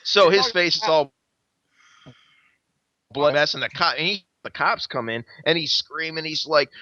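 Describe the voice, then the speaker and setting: Foul-mouthed rambling man with a bright voice. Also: a little high, normal speed, no room sound. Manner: rambling, swears constantly, animated. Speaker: podcast host. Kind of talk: casual profane storytelling. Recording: dull lo-fi recording.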